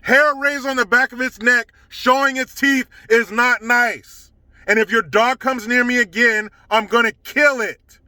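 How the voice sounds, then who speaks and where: A man's voice: very high-pitched, fairly even intonation, measured pace, bright, forceful tone, no echo. A man telling a casual story to camera, indignant and swearing heavily. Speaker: storytelling vlogger.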